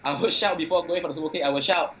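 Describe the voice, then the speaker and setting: Stammering bright-voiced player. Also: male voice, on the high side, rapid-fire, slight background noise. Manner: hesitant, stammering restarts. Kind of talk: tabletop role-play chat.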